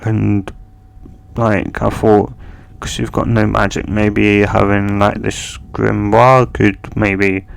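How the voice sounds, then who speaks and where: A man voicing a kind, easygoing mother who talks gently and rambles with lots of fillers. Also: on the low side, little pitch movement, slow, creaky, clean tone. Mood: gentle.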